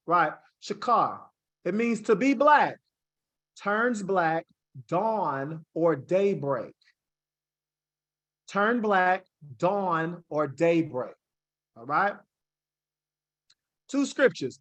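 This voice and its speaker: A man leads a Bible study at an unhurried pace, reading verses aloud and stopping to check in with his listeners. He picks apart Hebrew words syllable by syllable, like a teacher working through slides. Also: high-pitched, a bit bright. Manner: reads scripture aloud, sprinkles in "right?" checks to the class; spells out Hebrew words slowly. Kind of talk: classroom Bible lesson with slides.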